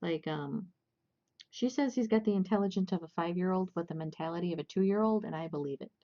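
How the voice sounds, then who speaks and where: A woman's voice: fairly low pitch, brisk, mellow, muffled recording. A young woman casually chatting and rambling with lots of fillers and restarts while hosting a crochet livestream.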